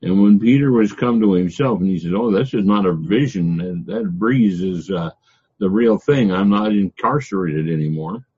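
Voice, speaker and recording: Deep, dark-voiced man teaching scripture. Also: breathy edge, dull audio. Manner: reads scripture then explains it, with frequent "uh" pauses. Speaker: Bible teacher. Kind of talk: verse-by-verse Bible teaching.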